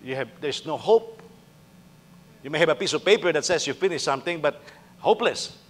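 Man, pastor, sermon, conversational, rhetorical questions, fairly high pitch, long hall reverb. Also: expressive, fairly quick. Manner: conversational preaching with acted-out dialogues and rhetorical questions.

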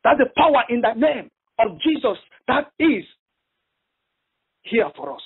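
Male preacher, very high and husky, halting and emphatic, phone-line audio. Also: big pitch swings. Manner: halting, repeats himself, emphatic retelling. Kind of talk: sermon over a phone prayer line.

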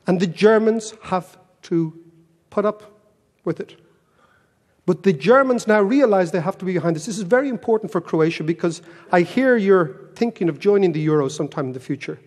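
An Irish man delivers a keynote talk full of stories, wry and self-mocking. His voice sits fairly high for a man. The sound rings with the long reverb of a big hall. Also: animated, moderate pace, darkish tone. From Ireland. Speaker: keynote speaker.

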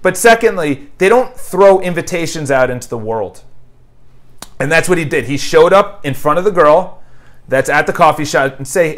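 A man with a high, light voice delivers an emphatic, motivational book review. He talks casually to the camera and hammers his points home by repeating them and firing off lists of questions. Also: expressive, normal speed, fairly bright tone. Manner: quotes an author's dialogue in paraphrase. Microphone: new microphone, home video.

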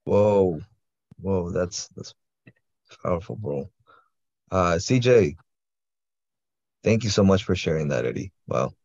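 A man's voice: low voice, animated, takes it slowly, long pauses, darkish tone, no room sound. A man hosting a video call, effusively thanking a speaker. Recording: dull, dry call audio.

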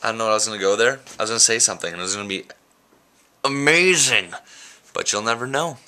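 A man's voice: lowish voice, very fast, sharp tone. A young man talking casually into a handheld camera for his daily vlog, goofy and rambling, mocking himself as he goes. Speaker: vlogger. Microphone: handheld camera mic.

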